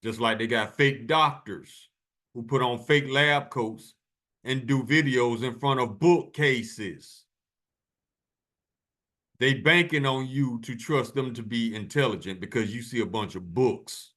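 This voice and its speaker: A man's voice: mid-range voice, measured pace, fairly bright tone. A man hosting his channel, giving a preachy commentary over video clips in a casual, emphatic way and hammering on key words. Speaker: channel host.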